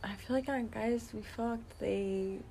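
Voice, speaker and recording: A woman's voice: on the high side, fairly even intonation, slow, gravelly, dark tone, breathy edge. A young woman co-hosting a podcast in casual chat, teasing her friend, laughing and swearing freely. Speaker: podcast co-host.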